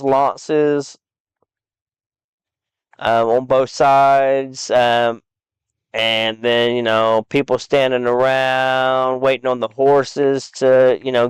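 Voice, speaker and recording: Male streamer, casual build tour, unhurried, very clear, dry close sound. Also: mid-range voice, no room sound. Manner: rambling, halting with fillers. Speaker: game streamer.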